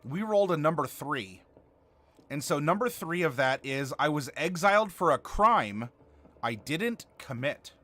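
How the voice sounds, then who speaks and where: A man's voice: a little high, expressive, unhurried, fairly bright tone. A man hosting a live stream, chatting casually and answering viewer comments while he builds a game character. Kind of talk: casual livestream chat.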